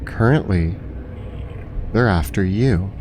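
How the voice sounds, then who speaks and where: A man running a tabletop game as game master, with measured, descriptive narration. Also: low-pitched, noisy background.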